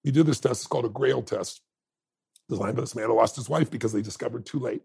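A man's voice: medium pitch, fast, vocal fry, a little mellow, slightly rough. A man speaking as an interview guest, telling stories in a heartfelt, emotional and emphatic way. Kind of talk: heartfelt conversational storytelling.

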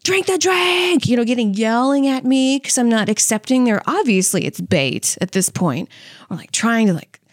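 A lively young woman telling comedy stories in a fairly high voice. She acts out other people's lines and laughs a lot. The sound is close and dry, with no room echo. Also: moderate pace. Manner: animated, acts out quotes, laughs often. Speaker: podcast co-host and stand-up comic. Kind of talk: casual storytelling.

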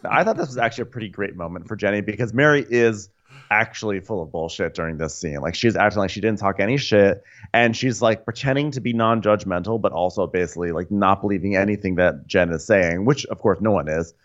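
Man, middle pitch, wry chatty recap, dull muffled recording. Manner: wry, laughing, quick asides. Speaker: podcast co-host. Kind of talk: casual recap chat.

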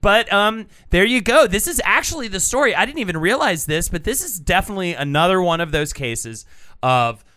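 A man co-hosting a comedy podcast, with a bright, smooth voice that swings widely in pitch. He talks in an excitable rush, swears freely, and keeps breaking into shouts. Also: a little fast, dry recording, studio quality. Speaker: podcast host. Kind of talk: casual comedic podcast chat.

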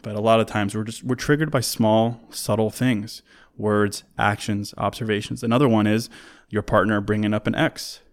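A man's voice: lowish voice, steady tone, moderate pace. A man hosting a solo relationship advice talk, conversational and earnest, who repeats words as he restarts and works through a list of points.

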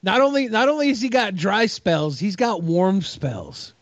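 A man's voice: sits high, animated, unhurried, no echo. A male podcast co-host cracking jokes while riffing on clips in casual commentary. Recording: dull, slightly lo-fi dry sound.

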